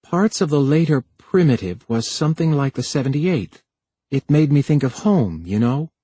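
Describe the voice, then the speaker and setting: Brief: narrator doing a plain-spoken young male apprentice, husky, dry. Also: a little high, expressive, normal speed, dark tone, no room sound. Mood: earnest. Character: earnest young married man, new apprentice.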